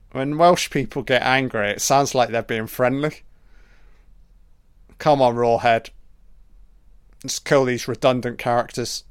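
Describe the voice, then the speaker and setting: Slow, sarcastic man. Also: medium pitch, smooth, no echo, clean studio sound. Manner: crude, sarcastic, swears often. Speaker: film commentator. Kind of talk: casual film commentary. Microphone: home mic, audio only.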